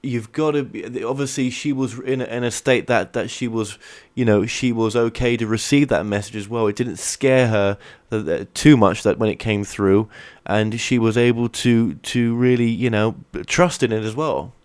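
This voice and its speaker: A man hosting an interview, speaking haltingly with many restarts. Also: mid-range voice, a little mellow, dry recording. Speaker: host. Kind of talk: radio interview.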